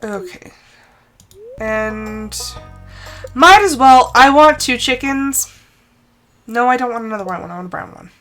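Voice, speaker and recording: A woman's voice: fairly high pitch, expressive, measured pace, long pauses, a bit bright, soft background music. A woman streamer commenting live on her farming game, exasperated and talking herself through setbacks. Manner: exasperated, talks to herself, self-soothing.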